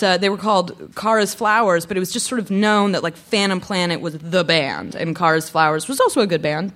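A woman in her thirties chatting and telling rambling stories with laughs as a guest on a live podcast stage. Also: mid-range voice. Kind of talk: casual chat on stage.

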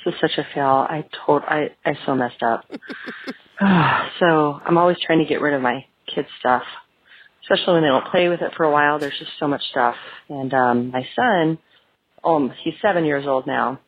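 A woman's voice: low-pitched, normal speed, slightly rough. Sheepish woman on a phone line. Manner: sheepish, self-deprecating. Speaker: caller. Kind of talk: voicemail confession.

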